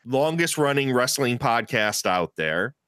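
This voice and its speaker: A man's voice: medium pitch, lively intonation, unhurried, a bit bright, smooth, no room sound, clean studio sound. Profane, joking male podcast co-host. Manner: profane, joking, laughs often. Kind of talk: crude casual chat.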